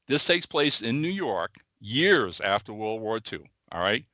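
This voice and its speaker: An older man co-hosting a podcast, telling stories in animated casual chat and often checking in with "all right?". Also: on the low side, unhurried, dry recording. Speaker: podcast co-host.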